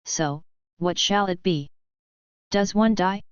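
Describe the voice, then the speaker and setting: A woman reads a boastful cyborg crime lord who lays out every word like a sermon. Her voice is lowish and very clear, with a dry, slightly dull sound. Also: slow pace, dry recording. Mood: gloating.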